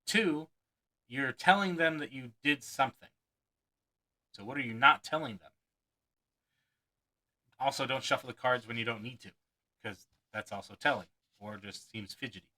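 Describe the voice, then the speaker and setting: A man's voice: medium pitch, normal speed, long pauses, bright, forceful tone, poor audio. A man and magician reading a magic book aloud, chuckling and breaking off to add his own asides between passages. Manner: acts out quoted lines with mock enthusiasm.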